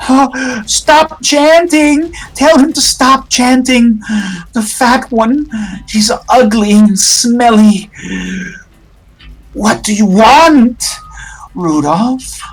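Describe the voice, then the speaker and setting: A woman's voice: a little high, drawn-out words, breathy edge, voice pushed up, exaggerated voice, rough recording. A man voicing a spirit disguised as a young ex-girlfriend, pleading desperately and trying to tempt the listener. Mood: wheedling.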